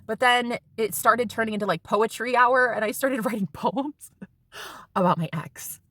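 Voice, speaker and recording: A woman's voice: fairly high pitch, moderate pace, pushed and bright, dry recording. A woman in her thirties telling a rambling, casual story to her vlog viewers and swearing freely. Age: 30s. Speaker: spiritual vlogger.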